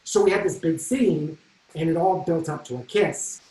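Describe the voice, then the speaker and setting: A man's voice: a little high, normal speed. Man telling a comic stage monologue. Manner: animated, self-mocking storyteller. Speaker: solo stage performer. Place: theatre stage. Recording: roomy stage sound from a distant mic.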